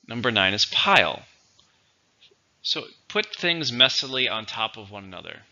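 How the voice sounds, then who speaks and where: A man teaching English vocabulary in a slow, patient, explanatory way. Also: on the low side, very animated, bright, forceful tone. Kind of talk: vocabulary lesson. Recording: dull lo-fi recording.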